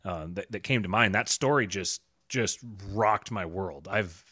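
A man with a fairly low voice talks as a guest on a podcast, recounting a story in a relaxed, conversational way. He is earnest and halting, often restarting his sentences. The sound is close and dry. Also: no echo. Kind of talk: casual storytelling chat.

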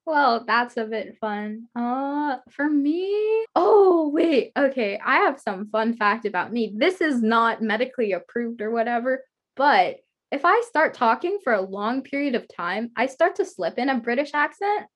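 A woman's voice: fairly high pitch, big pitch swings, unhurried. A woman hosting an interview over a video call, chatting casually, giggling often and rambling through her stories. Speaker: guest host interviewer. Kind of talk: casual chat.

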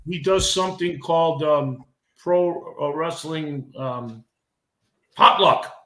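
A middle-aged man, a veteran wrestler appearing on a podcast, speaks slowly in a sharp voice on the high side. Heated and emotional, he keeps repeating and restarting his words, recorded in an echoey room.

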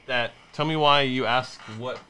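A man's voice: mid-range voice, steady tone, sharp tone, a little hiss or hum. A man co-hosting a podcast, teasing his partner in casual banter with a lot of fillers. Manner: teasing, playful, halting with fillers. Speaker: podcast co-host.

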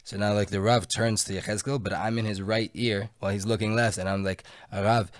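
A young man in his twenties or thirties tells a story in a casual chat. His voice sits fairly low, and he tumbles through animated, filler-heavy sentences. The recording is dry and close, with little room sound. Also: no echo. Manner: animated, talks fast with many fillers.

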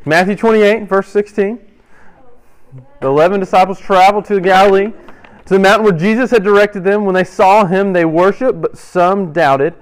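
A young man in his role as a youth pastor, giving an interactive sermon and playfully quizzing his audience with quick asides. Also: high-pitched, fairly even intonation. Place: church hall with audience.

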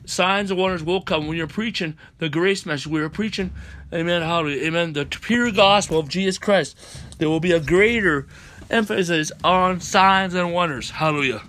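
A man's voice: high-pitched, normal speed, fairly bright tone. Preacher man punctuating with hallelujahs. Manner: repeats hallelujah and amen between phrases; rises to chanting repeated lines. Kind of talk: sermon on a conference call.

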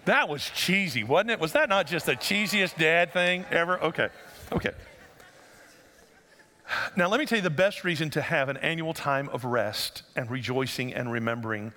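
A man preaching a sermon as pastor, conversational and joking, then rising to loud emphatic passages. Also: medium pitch, big-room sound.

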